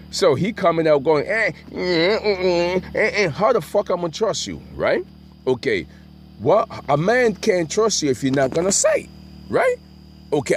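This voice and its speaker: A middle-aged man telling a rambling, profane story and often asking "right?". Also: medium pitch. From Brooklyn, New York.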